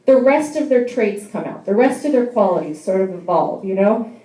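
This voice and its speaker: A woman's voice: mid-range voice, animated, moderate pace, dark tone, reverberant, rough recording. A young adult woman doing a stand-up comedy set in a bar, telling wry, self-deprecating stories. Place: bar venue.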